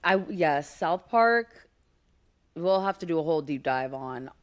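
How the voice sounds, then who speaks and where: Young woman, lowish voice, podcast co-host, amused, reactive, casual chat. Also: animated, measured pace. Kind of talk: casual movie-review chat.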